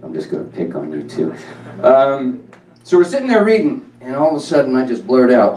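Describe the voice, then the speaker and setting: A man's voice: medium pitch, big pitch swings, brisk, warm tone. A man doing a stand-up comedy set on stage, loose and self-mocking as he teases the crowd. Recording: live club mic, far off, roomy, crowd laughter. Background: audience laughter.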